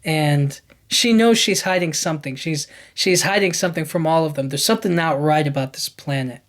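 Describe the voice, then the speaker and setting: Recapping a movie on his podcast, a man with a slightly high, somewhat bright voice speaks at normal speed. He's rambling and casual, excited about the scenes, and keeps saying "like" and "you know what I mean."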